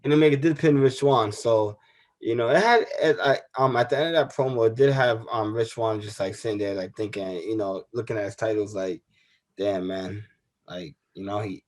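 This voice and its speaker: A young man co-hosting a casual wrestling chat, relaxed and rambling, with many fillers. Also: on the low side, a little fast. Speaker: co-host.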